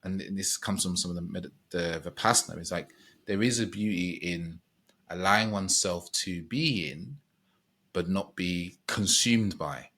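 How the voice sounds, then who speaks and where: A man's voice: low-pitched, moderate pace, fairly bright tone, husky. A man speaking as a podcast guest, thoughtful and meandering, often restarting his sentences as he reflects. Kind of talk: reflective conversational chat.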